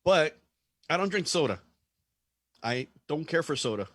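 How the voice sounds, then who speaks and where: Profane, animated man ranting. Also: fairly high pitch, unhurried, dry recording, clean studio sound. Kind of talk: casual chat.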